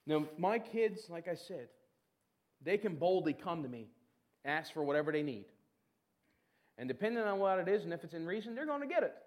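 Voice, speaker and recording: A middle-aged man with a fairly high voice delivers a lively sermon. He talks animatedly to his congregation and sometimes slips into a mocking, whiny voice to act out prayers. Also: a little fast, long pauses. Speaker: preacher.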